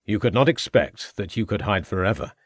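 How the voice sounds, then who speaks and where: A man reads a calm, determined police inspector with a measured, firm delivery. His voice is low, and the sound is dry and close. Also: no echo.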